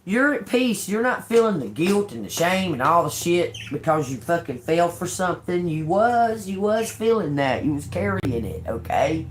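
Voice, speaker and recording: A woman's voice: lowish voice, big pitch swings, normal speed, few pauses. An older woman giving a live tarot reading, blunt and profane and laughing often. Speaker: tarot reader.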